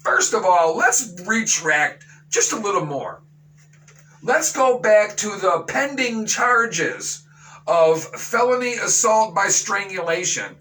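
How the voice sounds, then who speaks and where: A man's voice: sits high, big pitch swings, takes it slowly, bright, forceful tone, far from the mic, low-quality recording. A man hosting a talk radio show, ranting with outrage and sarcasm and slipping into mocking voices. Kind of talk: opinion talk radio monologue.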